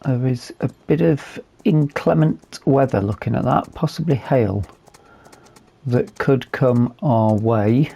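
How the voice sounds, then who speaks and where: Slow, gravelly-voiced man, hoarse. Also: medium pitch, mellow. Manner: unhurried, thinking aloud with fillers. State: losing his voice. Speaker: gaming video host. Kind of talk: relaxed game commentary.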